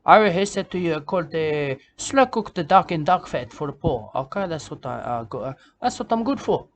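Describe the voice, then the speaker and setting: A man's voice: fairly high pitch, lively intonation, normal speed, slight background noise. A man voicing a rambling, self-important male bush poet in a comic monologue, repeating himself and tagging lines with "okay?" and "mate".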